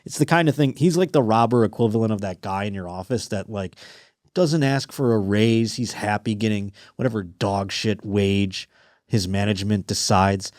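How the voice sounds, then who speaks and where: Crude, animated male podcast host. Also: fairly low pitch, moderate pace, dry recording, studio quality. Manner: crude, animated, mocking, swears constantly. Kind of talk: casual comedic chat.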